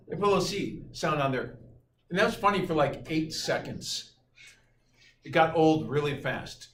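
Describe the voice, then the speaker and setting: A man's voice: fairly high pitch, measured pace. Middle-aged man, joking classroom teacher, heard from across the room. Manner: lively, playful, jokes with students. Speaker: calculus teacher. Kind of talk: classroom lecture. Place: high school classroom. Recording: echoey classroom from far off, noisy.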